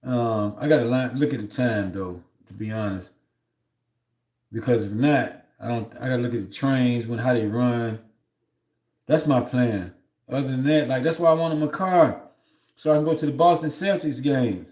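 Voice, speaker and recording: A man's voice: medium pitch, moderate pace, a little mellow, echoey room. A man on a livestream telling a long story in a loose, rambling way, often heated and aggrieved, with "you know what I'm saying" between his thoughts. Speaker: livestream host.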